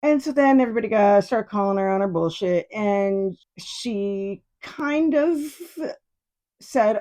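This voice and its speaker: Middle-aged woman podcast host, casual and blunt storyteller, rambling with restarts, medium pitch. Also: unhurried, darkish tone. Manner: chatty, frank, with many restarts and fillers.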